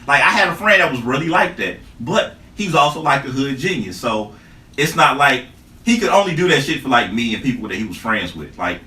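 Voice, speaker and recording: A man hosting a podcast in casual chat, telling animated stories with lots of swearing. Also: medium pitch, brisk. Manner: animated storytelling, heavy swearing. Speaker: podcast host. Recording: echoey room mic from a distance.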